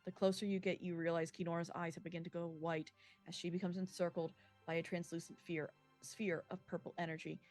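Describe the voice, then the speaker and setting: A woman's voice: fairly low pitch, flat delivery, a little fast, a little mellow, soft background music. A woman narrating a tabletop game as game master, describing scenes in detail with small slips.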